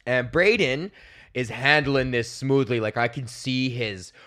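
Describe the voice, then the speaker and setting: A man's voice: medium pitch, unhurried. A young man, hosting a podcast and telling a ranting, profane comedy story, often slipping into voices of the people in it. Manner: profane, animated, acts out voices of others. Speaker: podcast host.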